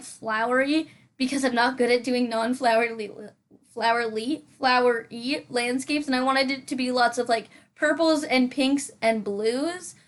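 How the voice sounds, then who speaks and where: A woman's voice: fairly high pitch, fairly bright tone. Rambling, self-mocking young woman. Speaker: gaming channel host. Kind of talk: casual voice-over commentary.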